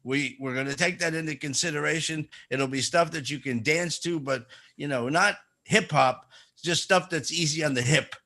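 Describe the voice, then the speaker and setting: Bright-voiced joking Jersey host. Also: male voice, fairly high pitch, normal speed. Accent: New Jersey. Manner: joking, rambling, self-interrupting. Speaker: radio show host. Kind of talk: casual radio chat.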